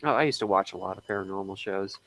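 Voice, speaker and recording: A man hosting a casual group livestream chat, talking in halting bits with lots of ums and restarts and frequent chuckles. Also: deep voice, a bit bright. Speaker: livestream host.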